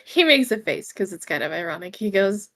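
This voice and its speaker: A woman, a player in a tabletop game, narrating her character's actions in a halting way with fillers. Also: mid-range voice, animated, fairly bright tone, a little hiss or hum. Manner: halting, with many fillers and laughs.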